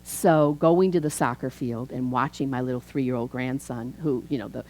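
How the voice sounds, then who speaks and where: A woman in her fifties, a minister, preaching a chatty, animated sermon in a church. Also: very deep voice, normal speed, rough recording. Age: 50s. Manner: animated, chatty, acts out quoted voices. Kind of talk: conversational sermon.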